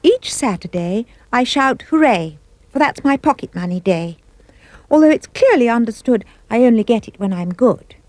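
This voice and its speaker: A woman giving a playful, expressive reading of comic rhyming verse. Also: moderate pace, no room sound. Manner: animated, playful storytelling with big pitch leaps. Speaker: storyteller.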